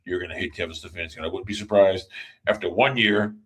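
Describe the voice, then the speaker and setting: A man's voice: sits low, steady tone, fast talker, low-quality recording. A man ranting about football in a blunt, profane way, speaking straight to the fans and repeating his warnings. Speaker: football commentator. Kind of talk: casual sports rant.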